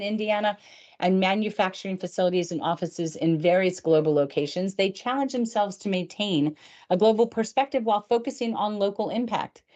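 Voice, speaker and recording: A woman's voice: mid-range voice, darkish tone. A woman in her fifties hosting a show, talking in a chatty, upbeat way. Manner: chatty and upbeat, with frequent fillers. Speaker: host. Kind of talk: casual chat.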